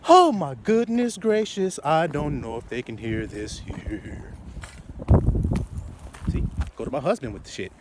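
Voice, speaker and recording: A man preaching loosely and profanely outdoors, swinging from muttering to loud outbursts. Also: medium pitch, lively intonation, a little slow, pauses often, noisy background. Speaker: street preacher.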